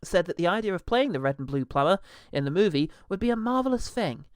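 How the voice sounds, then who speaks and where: A man's voice: high-pitched, animated, fast talker, clean tone, no room sound. A man co-hosting a casual comedy podcast, dry and sarcastic, laughing often. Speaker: podcast co-host.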